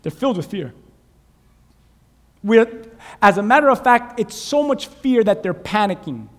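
A pastor with a notably high voice delivers an animated sermon, quizzing his congregation as he goes. His words ring through a long church-hall reverb, picked up on a clip-on lapel mic. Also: a little slow. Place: church sanctuary.

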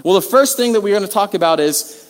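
A man's voice: high voice, expressive, fast. Conversational preacher man in a reverberant hall. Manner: conversational, many restarts and rhetorical questions. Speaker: pastor. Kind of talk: sermon.

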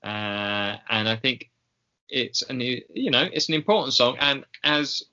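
A man co-hosting a podcast in casual chat, slow and hesitant with many ums and pauses. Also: medium pitch, animated, bright, forceful tone, highs cut off. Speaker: podcast co-host.

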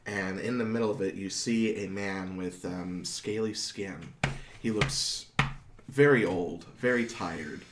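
A man narrating as game master of a tabletop game, describing scenes in an unhurried way with frequent fillers. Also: low voice, background noise.

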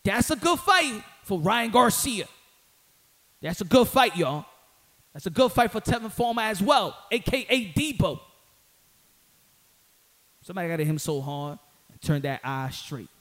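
A man with a high-pitched voice riffs on boxing in casual solo commentary. He talks in slang, repeats lines for emphasis and heats up into loud outbursts. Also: big pitch swings, unhurried, long pauses.

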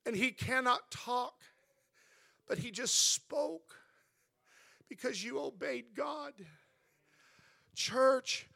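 A male pastor preaching a sermon in church, telling stories in an earnest way. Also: high voice.

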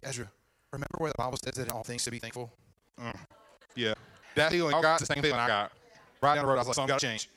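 A man, preaching a sermon at a brisk pace. He is animated, asking the congregation questions and throwing in playful asides. His voice sits at a middle pitch for a man. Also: rough recording. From Virginia. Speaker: pastor.

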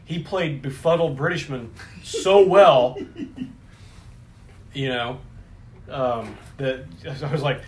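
A man co-hosting a casual podcast, a little tipsy, talking haltingly with restarts, recorded on a phone. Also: mid-range voice. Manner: halting, many restarts and fillers. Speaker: podcast co-host. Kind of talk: casual chat.

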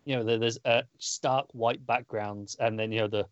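A man in casual podcast chat, wry and easygoing. He speaks at a middle pitch. The sound is dry and a bit dull. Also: fairly even intonation, moderate pace, dry recording. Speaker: podcast co-host. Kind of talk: casual comic book discussion.

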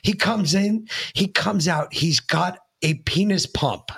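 A man co-hosting a podcast, telling a rowdy story in casual, profane chat and shouting at the punchlines. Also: sits high, takes it slowly, creaky, slightly rough. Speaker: podcast co-host.

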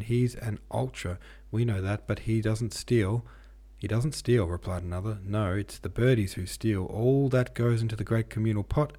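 Man, fairly low voice, audiobook reading, stumbles and restarts. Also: darkish tone. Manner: reads with stumbles and self-corrections. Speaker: audiobook reader.

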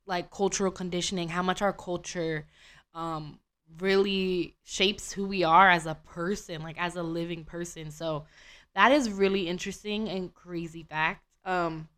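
A woman's voice: medium pitch, fairly bright tone. A young American woman hosting a podcast, chatting casually and reading out fun facts with lots of slang and "bro". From United States. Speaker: podcast host. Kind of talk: casual chat.

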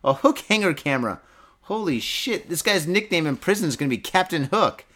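A man's voice: fairly high pitch, lively intonation, fairly quick, a bit bright. A man hosting a podcast, drunk and swearing a lot, rambling about news stories and laughing at his own jokes. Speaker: podcast host. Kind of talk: casual podcast chat reading news stories.

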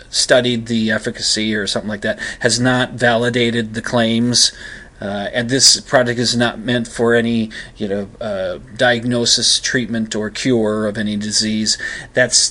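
A man's voice: medium pitch, fairly bright tone. A man with an ordinary mid-range voice talks through a story in a loose, unscripted way. He circles back on himself with plenty of fillers and false starts. His delivery carries a wry, skeptical tone. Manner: rambling, lots of fillers and restarts. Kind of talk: casual commentary monologue.

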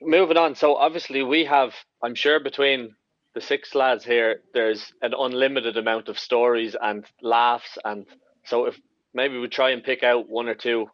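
A man's voice: medium pitch, fairly even intonation, moderate pace. A man moderating a panel, asking loose, rambling questions and handing over to guests. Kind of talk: hosting a panel discussion. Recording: dull muffled sound.

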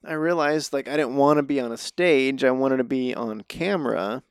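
A man's voice: mid-range voice, normal speed, clean tone, no echo, clean studio sound. A man, an actor and comedian, telling stories as a guest in a casual interview, rambling and self-deprecating, often laughing.

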